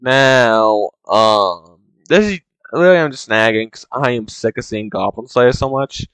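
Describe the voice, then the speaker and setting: A man's voice: medium pitch, unhurried, a bit bright, smooth, no room sound, low-quality recording. A man in a casual, rambling monologue, complaining in an exasperated way to his chat as a streamer.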